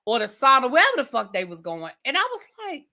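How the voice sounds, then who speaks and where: Incredulous, bright-voiced woman ranting. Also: high voice, huge pitch swings. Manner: blunt, incredulous, rapid-fire rhetorical questions. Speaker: TV review host. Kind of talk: casual rant review.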